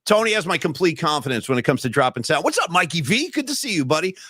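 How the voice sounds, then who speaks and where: A man's voice: fairly high pitch, big pitch swings, fast, pushed and bright, dry recording, studio quality. A man co-hosting a live-streamed podcast, chatting casually and rambling in a self-deprecating way. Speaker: podcast co-host.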